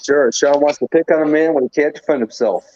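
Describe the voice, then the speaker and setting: A man's voice: on the high side, fast, a little mellow, dry recording. A man joining a casual car live stream as a guest, teasing and emphatic. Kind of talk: casual chat. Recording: dull dry call audio.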